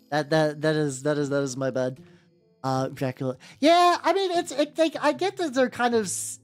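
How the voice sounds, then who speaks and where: A woman from America hosts a relaxed livestream, greeting chat and rambling while she paints. Her voice sits low but swings widely in pitch, and she swears freely. Soft music plays underneath. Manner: rambling, profane, chatty with viewers. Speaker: miniature-painting VTuber streamer. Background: faint background music.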